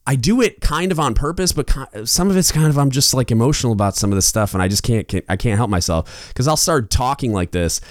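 A man's voice: medium pitch, animated, quick pace, few pauses, no echo, studio quality. A man hosting a podcast, giving passionate, emphatic advice in a rambling style with many restarts. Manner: passionate, emphatic, loud at times. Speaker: podcast host. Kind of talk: advice monologue.

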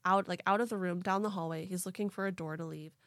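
A young woman hosting a podcast, telling a story in a casual, animated way with lots of "like" and laughter. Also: lowish voice, fast talker, no echo, studio quality. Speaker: podcast host.

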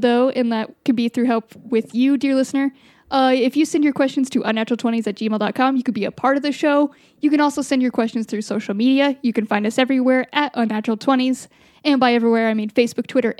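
A podcast host chats casually with friends and reads the show's outro, sounding upbeat and swearing freely. Her voice is a little high with a darkish tone, captured as clean studio sound with no echo.

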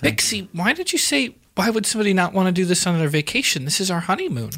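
A man's voice: sits high, sing-song, quick pace, a bit bright. A man improvising in a comedy scene, flustered and earnest.

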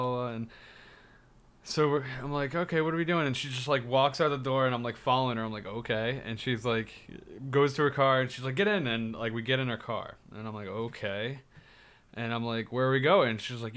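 A man's voice: mid-range voice, a bit bright. Rambling young man telling a story. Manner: rambling, heavy on fillers and swearing. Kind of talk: casual chat.

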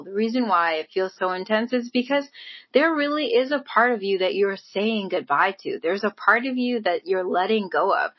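In a low-quality recording, a woman with a mid-range, fairly bright voice speaks to camera. She's motivating and encouraging in an earnest way, talking casually with frequent "like" and "right?" and laughing lightly as she goes.

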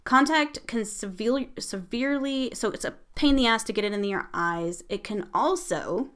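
A woman's voice: fairly high pitch, normal speed, fairly bright tone. A woman hosting a show, telling a spooky story in a casual, rambling way with lots of fillers and the odd curse. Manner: rambling and chatty, with frequent fillers and casual swearing.

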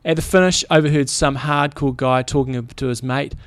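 Gravelly-voiced man co-hosting a podcast. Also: mid-range voice, steady tone, normal speed, dry recording. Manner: easygoing, reads listener stories aloud. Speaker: podcast co-host. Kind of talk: casual chat.

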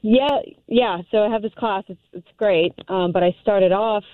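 A woman's voice: medium pitch, normal speed, no echo. A young woman calling in to a radio show, talking hesitantly with many ums and nervous giggles. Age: young adult. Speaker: caller. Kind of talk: casual chat on a call-in show. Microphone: telephone. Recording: tinny phone line, dry.

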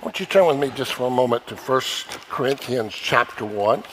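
A male pastor preaching a sermon with emphatic delivery, repeating phrases for stress and dropping to hushed asides. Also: medium pitch, animated, moderate pace, slight background noise, poor audio.

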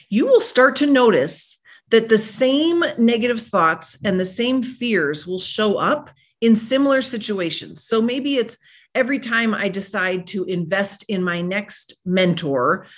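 A woman psychologist giving a motivational podcast talk, animated, acting out the quotes she tells. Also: medium pitch, a little slow. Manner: animated, acts out quoted voices.

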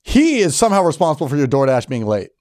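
Fast-talking young man cracking jokes. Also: fairly high pitch, very animated, darkish tone, dry recording, studio quality. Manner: quick joking interjections, riffs on his co-host's story. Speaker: podcast co-host. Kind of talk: casual chat.

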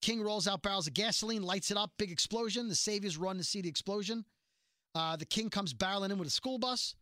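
A podcast host runs through a TV episode in easygoing conversation, acting out quotes with brisk, lively voices. His voice sits high, and the studio sound is clean and dry.

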